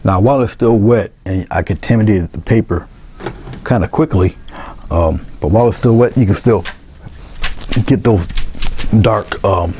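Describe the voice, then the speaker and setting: A man giving a casual painting tutorial, talking through each step in a relaxed way as he works. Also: on the low side, moderate pace, long pauses, slight background noise. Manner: relaxed, talks to himself while working, thinks aloud. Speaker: painting instructor.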